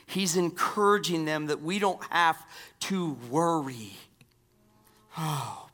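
A pastor giving a sermon, repeating key phrases and dropping from strong emphasis to near-whispers. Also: male voice, fairly high pitch, slow. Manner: dynamic swings from loud emphasis to hushed near-whispers.

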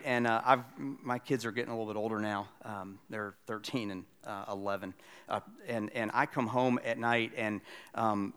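A man in his forties preaching a sermon as pastor, moving between loud, lively storytelling and quiet, almost whispered appeals. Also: medium pitch, clean tone. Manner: swings from loud excited storytelling to hushed, near-whispered pleading.

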